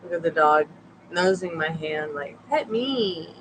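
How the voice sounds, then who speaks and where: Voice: medium pitch, little pitch movement, normal speed, noisy background. Chatty late-night tarot stream host. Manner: chatty, greets viewers and talks to the dog. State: sleepy and yawning. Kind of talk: casual late-night live-stream chat. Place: home, on a couch.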